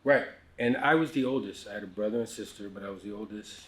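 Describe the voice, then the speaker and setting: A middle-aged American man telling his life story candidly in a casual podcast conversation, with many fillers, restarts and quiet asides. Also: fairly low pitch, fast talker. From United States.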